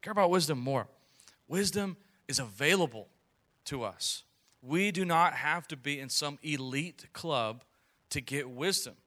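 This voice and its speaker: A man preaching to a young adult group with a bright, forceful voice. He talks in a loose, conversational style, full of storytelling asides, and sits a little higher in pitch than most men. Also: animated, unhurried. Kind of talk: sermon.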